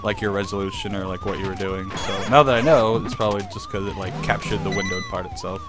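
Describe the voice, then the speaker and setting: Lively rambling young American man. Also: medium pitch, fast talker. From United States. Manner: rambling, filler-heavy, laughs often. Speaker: channel host. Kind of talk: casual gaming chat. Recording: music underneath.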